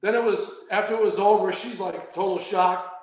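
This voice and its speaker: A man casually telling a personal story on a video call, animated and repeating words as he goes. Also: high voice, normal speed. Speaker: meeting participant. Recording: roomy, muffled video call audio.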